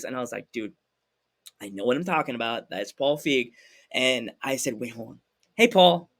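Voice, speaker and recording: A man hosting a podcast, telling a story in a lively, animated way and acting out the people in it. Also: mid-range voice, moderate pace. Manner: animated, acts out voices in anecdotes. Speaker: podcast host. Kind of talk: casual storytelling chat.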